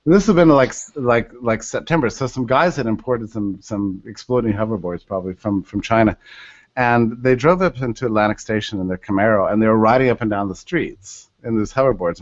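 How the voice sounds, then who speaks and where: A man tells a story as a podcast guest, animated and quick to act out the people he quotes. His voice sits in a middle pitch. The recording is dry and a little dull. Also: no room sound.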